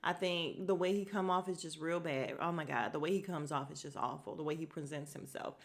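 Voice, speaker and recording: A woman's voice: deep voice, fairly even intonation, brisk. A woman hosting a podcast, chatting casually and gossiping through a reality show recap, talking to her listeners with fillers and asides. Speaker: podcast host.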